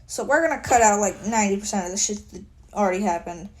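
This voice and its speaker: A woman's voice: medium pitch, fast, darkish tone. A tired woman casually retelling her fan story in a rambling way, with a lot of swearing and self-mockery.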